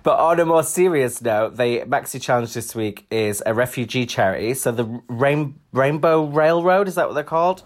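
A cheeky man in casual podcast chat, his pitch bouncing up and down. He fires off jokes and teases his co-host. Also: lively intonation, moderate pace, few pauses.

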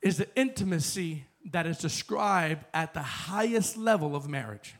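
Man, pastor, preaching, high-pitched, conversational then fervent. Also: expressive, normal speed. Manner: conversational, builds to fervent shouting. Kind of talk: sermon.

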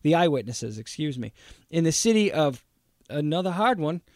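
Male podcast co-host, high voice, dry close sound, profane joking storyteller. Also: sing-song, normal speed, a little mellow, dry recording. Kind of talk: casual podcast chat.

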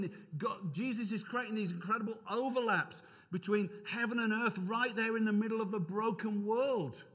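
A man preaching in a church, his voice sitting a little high for a man. He builds his points with rising emphasis and breaks off for easy asides to the congregation. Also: a bit bright. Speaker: pastor. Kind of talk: sermon.

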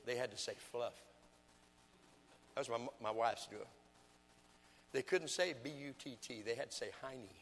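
A man's voice: medium pitch, moderate pace, long pauses, a bit bright, in a large hall, slight background noise. An older man, an evangelist, preaching a folksy sermon full of home stories and asides. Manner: folksy storytelling, acts out his wife's lines. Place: church sanctuary.

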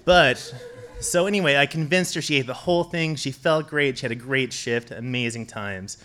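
A man telling a funny personal story on stage, chuckling and rushing through his asides. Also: mid-range voice, fairly bright tone, slight background noise. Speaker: storyteller at a live show. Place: stage at a live event.

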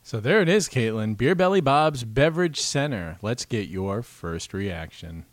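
A man's voice: mid-range voice, big pitch swings, measured pace, faint music behind. A man co-hosting a podcast in casual, joking chat, rambling into tangents. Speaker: podcast co-host.

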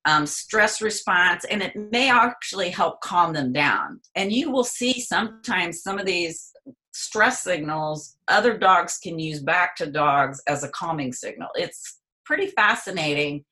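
A woman's voice: fairly low pitch, lively intonation, measured pace, bright, forceful tone. A woman speaking as a guest expert on a call, explaining pet behavior in a conversational way and sometimes voicing a dog's thoughts. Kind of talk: conversational interview. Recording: voice on a call line.

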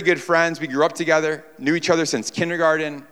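Bright, forceful preacher in a reverberant hall. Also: male voice, a little high, fairly even intonation, a little fast, few pauses, smooth. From New York. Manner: emphatic, repeats phrases, rhetorical questions. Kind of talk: sermon. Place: church sanctuary before a congregation. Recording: long reverb of a large hall.

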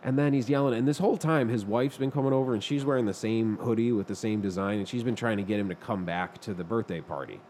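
A man from Buffalo, New York, telling a rambling story in casual chat, animated and profane, chuckling as he goes. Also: on the low side, fast, few pauses, a little hiss or hum.

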